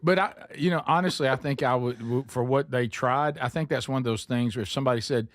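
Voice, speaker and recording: A man's voice: mid-range voice, fast talker, no echo, studio quality. A man hosting a casual talk show, joking around and slipping into mock voices. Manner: animated, jokey, slips into mock voices. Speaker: host.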